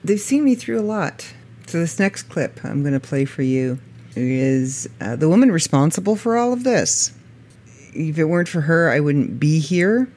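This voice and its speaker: A middle-aged woman with a low voice, hosting a podcast in a chatty, self-mocking way and laughing often. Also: animated, normal speed, darkish tone. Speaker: podcast host. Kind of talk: casual podcast monologue.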